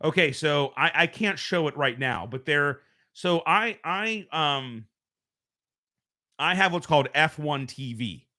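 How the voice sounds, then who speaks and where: Broadcasting a laid-back live stream from his home, a US show host wanders through his talk and keeps correcting himself. He takes it slowly, and his slightly high voice sounds animated, pushed, and bright on his home streaming mic.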